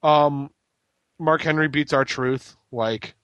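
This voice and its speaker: Dude cracking jokes, doing silly voices, dry mic. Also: male voice, on the high side, takes it slowly, fairly bright tone, no echo, highs cut off. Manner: joking, recaps with mock-breathy quotes. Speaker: podcast co-host. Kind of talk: casual chat.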